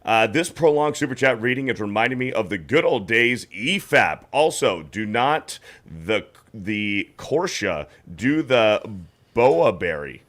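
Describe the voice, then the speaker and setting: A man with a bright, forceful voice hosts a casual livestream. He reads viewer messages aloud in an easy, joking way. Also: medium pitch, big pitch swings, unhurried. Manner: reads donor messages aloud, wry asides. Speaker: host reading super chats.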